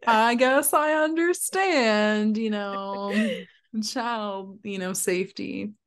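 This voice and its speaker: A woman's voice: medium pitch, slow pace, clean tone. A young woman co-hosting a podcast, chatting playfully and laughing often. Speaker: podcast co-host. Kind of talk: casual chat.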